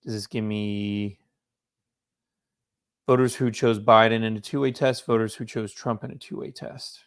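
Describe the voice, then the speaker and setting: A man doing casual political commentary, reading news articles aloud and breaking off with low-key reactions and asides, yawning now and then. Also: fairly even intonation, normal speed, clean tone.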